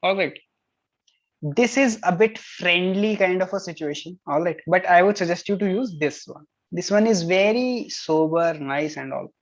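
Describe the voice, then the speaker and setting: A tutor gives exam tips in a middle-pitched voice, switching between explanations and French example phrases. They keep saying "all right" between points. The recording sounds dull and lo-fi. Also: moderate pace.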